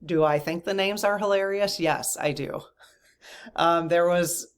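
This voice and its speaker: A woman's voice: fairly low pitch, unhurried, clear, resonant tone. A woman hosting her own channel, chatting casually to viewers in a rambling way, with frequent restarts and laughter. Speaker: channel host. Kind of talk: casual chat to camera.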